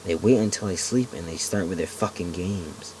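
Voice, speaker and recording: Young guy reading a creepypasta at home, deep voice, gets loud on the yelled bits. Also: normal speed, background noise. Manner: swings from low muttering to loud yelling in quoted lines. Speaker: amateur narrator. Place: home room.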